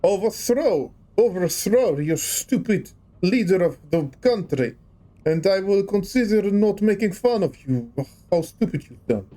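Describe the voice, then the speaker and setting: A man's voice: high voice, animated, measured pace, voice pushed up. A man putting on an exaggerated cliche Russian accent, playing a scolding, mocking man with rolled R's and broken grammar. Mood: mocking, hectoring. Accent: mock Russian. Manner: hectoring, loud and raised.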